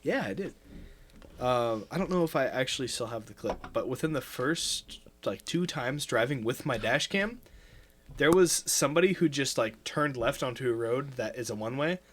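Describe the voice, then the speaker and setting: A man co-hosting a podcast, playful and quick to laugh. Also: mid-range voice, animated, fairly bright tone. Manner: giggly, playful. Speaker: podcast co-host. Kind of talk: casual chat.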